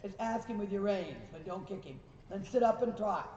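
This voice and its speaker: A riding instructor with a high, mellow voice gives a lesson, animated and at a moderate pace, praising the horses and correcting the riders. The recorder sat far off in the reverberant arena, so he sounds distant, and the recording is dull and slightly noisy.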